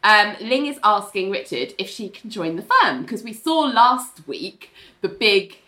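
Animated woman, lively bright voice. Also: mid-range voice, a little slow. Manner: animated, acts out characters' lines, swears freely. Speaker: podcast co-host recapping a TV show. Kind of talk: casual recap chat.

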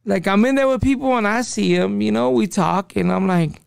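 High gravelly man swearing in street slang. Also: moderate pace, no room sound, studio quality. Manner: profane street slang, calls listener dog. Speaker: podcast guest. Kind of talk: casual interview storytelling.

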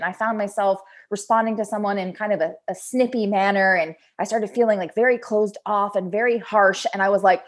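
A woman's voice: mid-range voice, fairly quick, hardly any pauses. A woman in her thirties hosting a casual motivational monologue on personal growth, who acts out her own inner voice. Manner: animated, acts out quoted self-talk. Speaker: podcast host, personal development.

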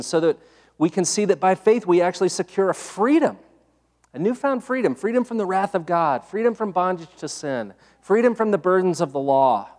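A male pastor giving a sermon in a conversational style, with many fillers, rising in pitch when he stresses a point. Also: a little mellow. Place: church sanctuary. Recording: long hall reverb.

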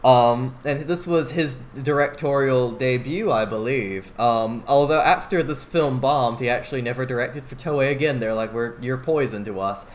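A man's voice: mid-range voice, moderate pace, hardly any pauses. A man co-hosting a podcast, talking eagerly and rambling with many fillers and restarts. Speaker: podcast co-host. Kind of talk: casual podcast discussion.

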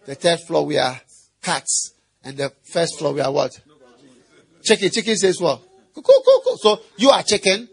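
A middle-aged man preaching a sermon as pastor, animated and playful, quizzing the congregation and mimicking animal noises. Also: a little high, normal speed, vocal fry, slightly rough.

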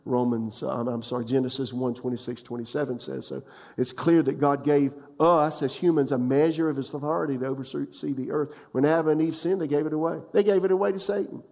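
A man's voice: medium pitch, flat delivery, fairly quick, vocal fry, darkish tone, big-room sound. A pastor in his sixties preaching a conversational sermon, often asking the congregation questions.

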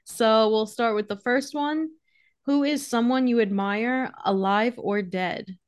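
Young woman podcast cohost, slow easy chat, laughs a lot. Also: a little high, clean tone. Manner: laughs often, relaxed and unhurried. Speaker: podcast co-host. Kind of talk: casual chat.

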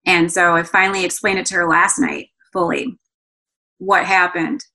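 A woman in her thirties, a guest speaking earnestly and emotionally, halting often with fillers and restarts. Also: lowish voice, little pitch movement, bright, forceful tone. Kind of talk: candid conversational interview.

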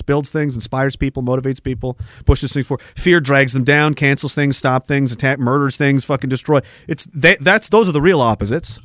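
A man's voice: on the high side, dry recording, clean studio sound. Heated, profane man ranting. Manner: profane, heated, emphatic, repeats himself. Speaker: podcast host. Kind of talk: angry political rant.

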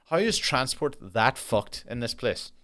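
A young man talks alone into a podcast mic, ranting about a miserable trip in a voice of ordinary pitch. He swears constantly and drifts into exaggerated dark jokes. The delivery is loose, exasperated storytelling. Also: big pitch swings, a little slow, smooth. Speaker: podcast host. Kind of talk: solo podcast monologue.

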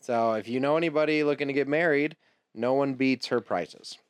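A man co-hosting a podcast in casual chat, rambling and joking, quick to laugh and swearing freely. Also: medium pitch, clear, resonant tone, dry recording. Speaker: podcast co-host.

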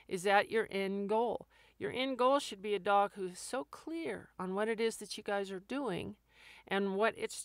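Frank woman podcast host, smooth voice. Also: medium pitch, dry recording, studio quality. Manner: frank, animated, acts out nagging with quick asides. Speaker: dog training podcast host. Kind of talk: casual instructional talk.

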